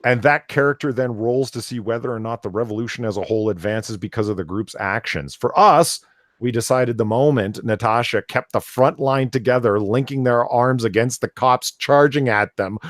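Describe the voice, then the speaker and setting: A male podcast co-host reads an article aloud and breaks off to mock it with exasperated sarcasm. His voice sits at an ordinary middle pitch. The sound is dry and close, with no room echo. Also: normal speed. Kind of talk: reading an article aloud with commentary.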